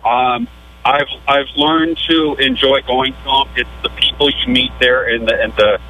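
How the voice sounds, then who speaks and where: A man calling in to a radio show, speaking in a hesitant, halting way full of fillers. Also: mid-range voice, fairly even intonation, sharp tone. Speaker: radio caller. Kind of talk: phone-in call. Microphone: telephone. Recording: dull phone line with faint noise.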